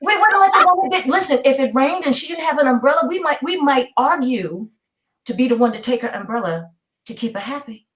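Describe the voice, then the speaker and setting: A woman's voice: sits high, animated, a little fast, fairly bright tone. A middle-aged woman from New York with Southern roots, a guest in a casual chat who tells stories emphatically and keeps asking "okay?". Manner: emphatic storyteller, rhetorical "okay?".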